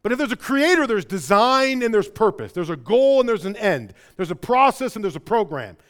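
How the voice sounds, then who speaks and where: Animated Chicago-area male preacher. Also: brisk. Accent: Chicago-area American. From American Midwest. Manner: animated, swings between loud emphatic and quiet low passages; stumbles and repeats words when excited. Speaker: pastor. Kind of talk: sermon.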